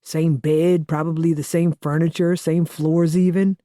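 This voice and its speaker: A woman's voice: deep voice, little pitch movement, unhurried, mellow, no room sound. Woman reading a teasing young man, profane, matter-of-fact, dry close sound. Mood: prodding. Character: blunt joking young man, protective soon-to-be father. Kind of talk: audiobook dialogue reading.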